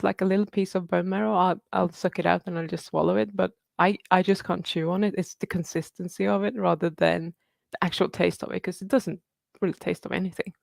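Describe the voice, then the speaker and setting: A woman in her thirties chats her way through viewer questions on a live stream, upbeat, quick to laugh and casually profane. Her mid-pitched voice carries a gravelly, fry-tinged edge. The sound is close and dry, with no room around it. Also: darkish tone, no echo. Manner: chatty and upbeat, laughs often, swears casually. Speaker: livestream host answering viewer questions.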